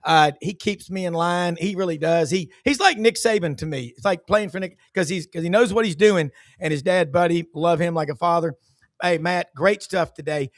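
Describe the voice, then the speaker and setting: A middle-aged man hosts a sports talk show in a folksy, agreeable way. His voice sits high and comes across dry and close. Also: dry recording. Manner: folksy, quick to agree, laughs often. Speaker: show host.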